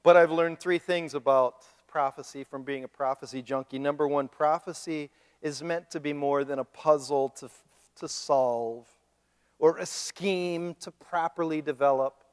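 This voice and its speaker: A man preaching a sermon as pastor, animated and joking, mimicking the people he talks about. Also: a little high, measured pace, clear, resonant tone. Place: church sanctuary. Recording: long reverb of a church hall.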